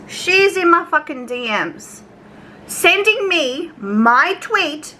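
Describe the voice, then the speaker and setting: A young woman with an Australian accent tells a rambling storytime rant in a bright, somewhat high voice. She swears casually, drifts onto side tangents and acts out her back-and-forth conversations. A faint background hiss sits under the recording. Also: big pitch swings, slow pace, rough recording. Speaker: YouTube commentary vlogger.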